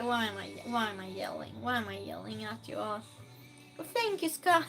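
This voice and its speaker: High, bright-voiced woman streamer. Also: sing-song, moderate pace, vocal fry, faint music behind. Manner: chatty and playful, scolds and thanks donors. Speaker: live streamer hosting a game night. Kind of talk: casual live-stream chat, reading chat aloud.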